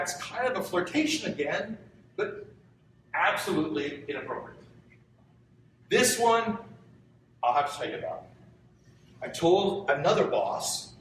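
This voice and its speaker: A man's voice: on the high side, fairly bright tone, slight background noise. A middle-aged man giving an earnest, conversational talk to students and putting questions to his audience. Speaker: guest lecturer. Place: lecture room. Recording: very echoey hall, voice from far off.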